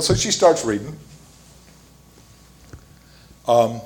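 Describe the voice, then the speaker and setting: A man preaching a sermon, telling a story with fillers and restarts and getting louder as he retells scenes. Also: medium pitch, sing-song, a little slow. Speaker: pastor.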